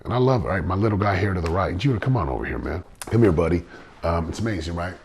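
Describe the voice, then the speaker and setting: A man's voice: low-pitched, animated, fast talker, darkish tone, slight background noise. A middle-aged man hosting a motivational podcast, talking earnestly and repeating phrases for emphasis. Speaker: podcast host.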